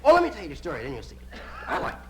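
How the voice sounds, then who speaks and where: A man from the United States telling stand-up stories, lively and playful, jumping into sudden voices. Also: a little high, very fast. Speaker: stand-up comedian. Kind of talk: live stand-up storytelling. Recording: hissy vinyl record of a live show.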